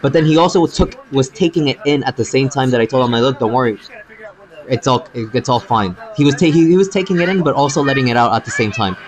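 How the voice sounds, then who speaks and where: A man's voice: medium pitch, lively intonation, rapid-fire, hardly any pauses, low-quality recording. A man streaming live, telling a long story in a rambling, casual way, repeating words and calling the listener bro.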